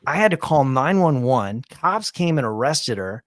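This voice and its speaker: A man's voice: mid-range voice, moderate pace, no room sound. Rambling man in his forties, dry sound. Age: 40s. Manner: rambling, animated storyteller. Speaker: podcast host. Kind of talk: casual storytelling chat.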